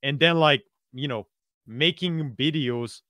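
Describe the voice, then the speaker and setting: A man co-hosting a podcast, telling a story in an animated way and often checking in with "right?". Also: mid-range voice, slow, no echo, studio quality. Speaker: podcast co-host. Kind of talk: casual podcast discussion.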